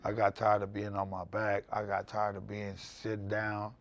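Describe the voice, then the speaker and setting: A man speaking as a podcast guest, telling his story in loud, animated, candid conversation and swearing freely. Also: fairly low pitch, moderate pace.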